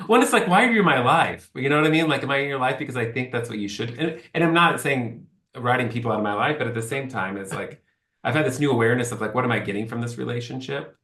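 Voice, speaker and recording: A man's voice: medium pitch, lively intonation, fast, a bit bright, roomy sound. A man talking as a podcast guest, candid and rambling, acting out bits of remembered speech. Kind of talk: casual conversation.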